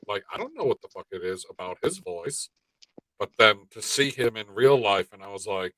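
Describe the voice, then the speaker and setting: A man's voice: lowish voice, a little fast, no echo, low-quality recording. A man co-hosting a casual live-stream chat, rambling and swearing freely as he talks. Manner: profane, animated rambling. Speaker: podcast co-host.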